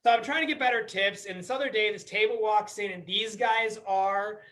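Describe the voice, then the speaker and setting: A young male comedian in the middle of a stand-up set, with a bright, forward voice. He tells his story conversationally and slips into swaggering tough-guy voices for the people in it. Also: sits high, fairly even intonation, brisk, low-quality recording. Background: audience laughter.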